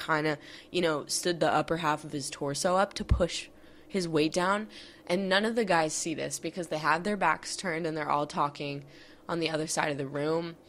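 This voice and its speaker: A woman's voice: low voice, fairly bright tone, a little hiss or hum. A young woman podcast host candidly recounting a personal college story, with many fillers and some swearing.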